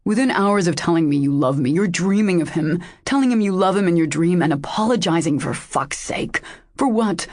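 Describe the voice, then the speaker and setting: In an audiobook, a woman voices a jealous, angry lover who speaks harshly and coldly, with a bitter, cutting edge. Her voice is lowish, a little mellow, and expressive, at normal speed.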